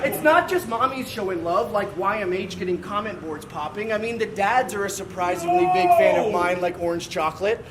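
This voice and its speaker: A man delivering brash battle rap verses, shouting punchlines at a live event. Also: sits high, animated, a little fast, few pauses, heavy background noise. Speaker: battle rapper. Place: large hall at a live event. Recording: echoey live hall with crowd. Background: loud cheering crowd.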